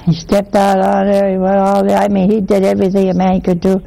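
A woman preaching to an audience in a chatty, teasing way, often pausing to ask her listeners rhetorical questions. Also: medium pitch, monotone, creaky, warm tone, rough recording. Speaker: religious teacher. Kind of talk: homespun sermon to an audience.

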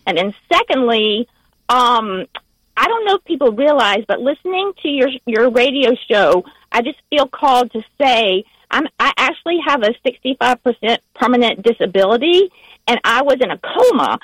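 A woman with a soft Southern US accent calls in to a radio show and talks in an emotional, halting way, often starting her phrases over. Her voice sits a little high and comes through dry and close on a phone line. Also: big pitch swings, dry recording. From United States. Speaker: caller. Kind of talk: call-in chat.

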